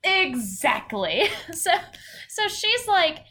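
Woman chatting about a book, high voice, bright and sharp, laughs a lot. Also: expressive, a little slow. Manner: laughing often, acting out characters' lines. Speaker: podcast co-host. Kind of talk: casual book chat.

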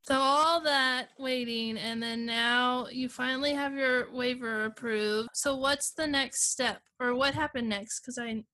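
A woman's voice: sits high, steady tone, measured pace, hardly any pauses, bright, forceful tone, low-quality recording. A woman interviewing a guest in a casual conversation, prompting her with encouraging questions.

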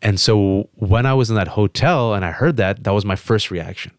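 A man as an interview guest, telling a personal story with emphatic, quick restarts. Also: lowish voice, no room sound, clean studio sound. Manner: emphatic, fast restarts, animated quotes. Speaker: guest on a podcast.

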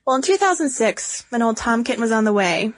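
A woman's voice: on the high side, animated, a little fast, no echo. A woman co-hosting a podcast in casual chat, chatty and laughing, with many fillers. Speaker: podcast co-host.

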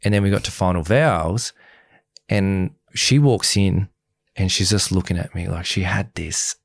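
A young man with a very low, gravelly voice recounts his story on a podcast, talking fast and slipping into the voices of the people he quotes. The sound is close and dry, with no room around it. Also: no room sound. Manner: fast, animated retelling, acts out quoted exchanges. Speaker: podcast guest, former reality show groom. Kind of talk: candid storytelling interview.

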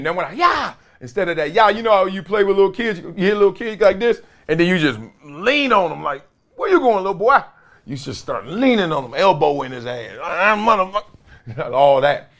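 A man with a fairly high, very lively voice hosting a sports talk show. He tells stories from his playing days with big swings in pitch, laughing and acting out what others say. The tone is loud and loose. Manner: lively, laughing, acts out quotes. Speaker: sports show host, former player.

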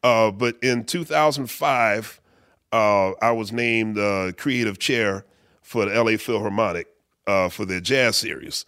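A middle-aged man, a bass player, casually telling an anecdote in an interview, acting out quotes with many fillers. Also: a little slow, fairly bright tone, clear, resonant tone, no echo, clean studio sound. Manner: laid-back storyteller who acts out quotes, many fillers. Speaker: guest musician, bass player.

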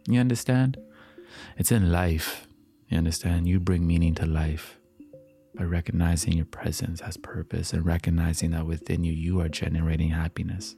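A man giving a calm, reflective motivational talk, repeating affirmations and sometimes dropping into a soft whisper. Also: low voice, moderate pace, vocal fry, soft background music. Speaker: motivational speaker.

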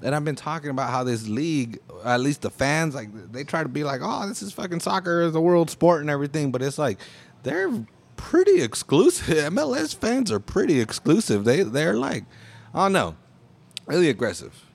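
Young man, american-born, casual rant, lively swinging pitch, lots of swearing. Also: normal speed, creaky, slightly rough. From United States. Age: young adult. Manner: animated, profane, emphatic. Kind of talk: casual ranting monologue.

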